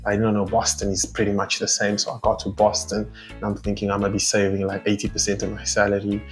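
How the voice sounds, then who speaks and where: A man's voice: on the low side, monotone, quick pace, soft background music. A young man from South Africa chatting casually in a vlog, rambling through asides and laughing as he goes. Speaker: vlogger.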